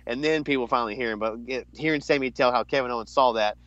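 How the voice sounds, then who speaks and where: A man chatting casually about wrestling on a podcast, rambling and circling back on himself. His voice sits in a middle pitch, and the recording is a little dull and lo-fi. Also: quick pace, fairly bright tone, dry recording. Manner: rambling, restarts often, jumps into high voice to quote. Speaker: podcast co-host.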